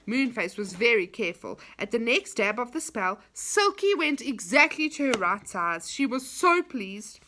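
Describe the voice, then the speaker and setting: Storybook reader: woman, expressive, animated, bright high voice. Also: moderate pace, few pauses, a little hiss or hum. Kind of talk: reading a children's story aloud.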